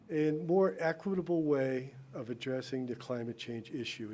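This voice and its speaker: A man with a slight lisp speaks at a town council podium in a soft, mellow tone. His delivery is earnest and explanatory, and he often restarts his phrases. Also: mid-range voice. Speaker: resident giving public comment. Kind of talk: public comment at a town council meeting. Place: town council meeting room.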